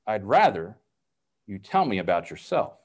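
A man voicing a calm, patient eldest brother who speaks softly and gently, with a lively pitch. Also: normal speed. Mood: gentle. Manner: soft, patient.

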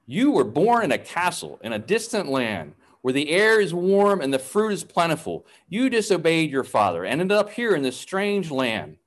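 Guy reading gentle eldest brother, soft and patient, pitch still moves around, storybook. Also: very animated, moderate pace, few pauses.

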